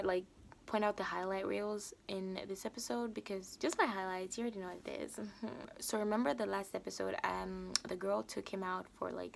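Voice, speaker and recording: A woman vlogger giving a casual, animated recap of a TV episode and acting out the characters' lines. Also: mid-range voice, creaky, slight background noise. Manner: animated, acts out characters' lines, laughs often.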